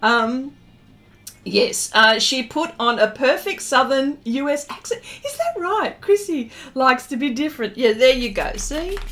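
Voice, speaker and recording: Hosting a live art session, a woman with a fairly high, animated and slightly bright voice chats unhurriedly as she works. She reads her viewers' comments aloud and responds playfully, teasing herself along the way.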